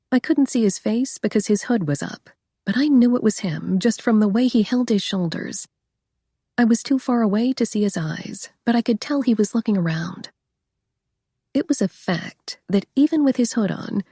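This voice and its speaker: A woman's voice: fairly high pitch, warm tone, slightly rough, dry recording, studio quality. A young woman reading a first-person audiobook in a wry, conversational way. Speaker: audiobook narrator.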